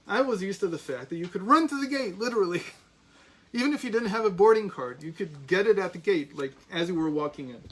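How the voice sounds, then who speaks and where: A man's voice: a little high, fairly bright tone, low-quality recording. An American man in his forties teaching a class, telling a personal story in a chatty way with many restarts and asides. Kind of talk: storytelling lecture.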